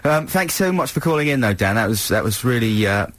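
A man's voice: medium pitch, sing-song, fairly quick, a bit bright, no echo. A man co-hosting a comedic radio show, bantering in a dry, wry way. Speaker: radio host.

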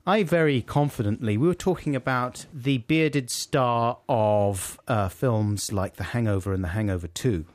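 A man's voice: mid-range voice, normal speed, few pauses, no echo. A man co-hosting a podcast in casual chat, wry and self-mocking. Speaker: podcast co-host.

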